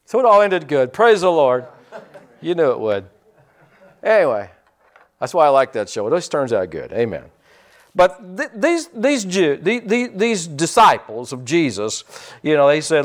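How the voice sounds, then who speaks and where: Preacher guy rambling through a sermon, folksy storyteller, gets loud sometimes. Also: fairly high pitch, animated, normal speed.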